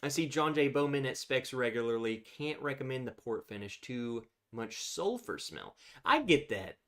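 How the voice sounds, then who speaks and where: A man's voice: mid-range voice, sing-song, normal speed, fairly bright tone. A man hosting a casual livestream, chatting freely, laughing often and reacting to viewer comments. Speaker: livestream host.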